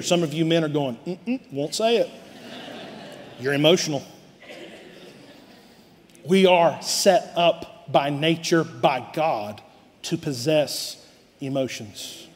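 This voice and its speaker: A man preaching a sermon to his church, swelling loud and then dropping low. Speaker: pastor. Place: church sanctuary. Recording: live hall reverb.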